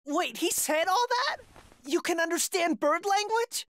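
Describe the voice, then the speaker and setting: A woman's voice: very high voice, lively intonation, unhurried, a bit bright, full character voice. A woman voicing a cowardly, whiny teenage boy swordsman who shrieks in melodramatic panic, in an anime fan dub. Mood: shocked.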